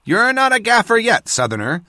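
A woman's voice: fairly high pitch, sing-song, moderate pace, bright, forceful tone, no echo, voice pushed up. A man voicing a tough, teasing woman assassin in an audiobook, with dry, clipped lines. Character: tough teasing female assassin, calm and blunt.

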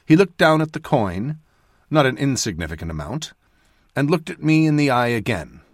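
A male audiobook narrator reads a fantasy story in a scripted style at a moderate pace, voicing characters with lively changes in pitch and loudness so his voice rises and falls a great deal. The recording is dry and close, with no room sound.

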